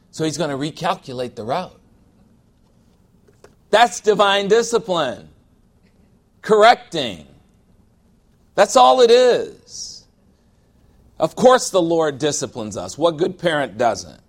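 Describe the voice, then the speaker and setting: Man, pastor, sermon, conversational preaching, slightly higher voice, asks for amens.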